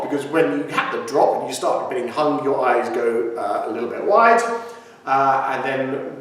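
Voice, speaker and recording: A man's voice: mid-range voice, expressive, moderate pace. A man with a Surrey accent teaching a singalong lesson, chatty and cheerful, explaining the lyrics between sung lines. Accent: Surrey English. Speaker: singing teacher. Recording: echoey room, distant mic, loud music. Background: piano accompaniment.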